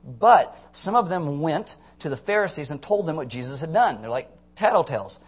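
A young man preaching a sermon, animated and joking as he tells the story, with sudden loud shouts. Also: fairly high pitch, normal speed, breathy edge. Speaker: pastor.

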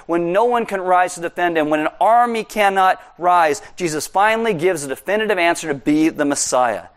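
A man preaching a sermon as pastor, conversational and animated with jokey asides. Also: sits high.

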